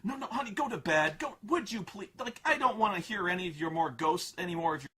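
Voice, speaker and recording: A man playing an impatient, condescending dad who talks over his daughter and keeps telling her to calm down and go to bed. The voice sits a bit high and bright and sounds fed up. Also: fast talker. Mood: dismissive. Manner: condescending, shushing. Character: dismissive middle-aged dad, impatient and condescending.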